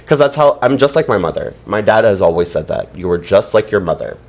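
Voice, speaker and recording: A man's voice: on the low side, lively intonation, fast, darkish tone. A man on a podcast as a guest, chatting casually and animatedly, with lots of fillers and frequent laughter. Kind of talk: casual chat.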